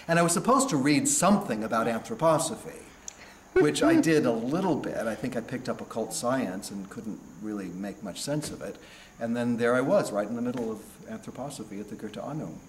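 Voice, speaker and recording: A man's voice: mid-range voice, animated. American man telling stories in an echoey room. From California. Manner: unhurried, with frequent restarts and trailing off. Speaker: stage actor being interviewed. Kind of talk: reflective storytelling interview. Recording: roomy echo, faint background noise.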